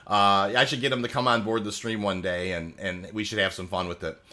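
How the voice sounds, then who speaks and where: A lowish, fairly quick voice with rather even intonation and a bright, forceful tone comes from a man in his thirties streaming a game. His casual chatter rambles with many fillers as he voices chat messages and answers them on the fly.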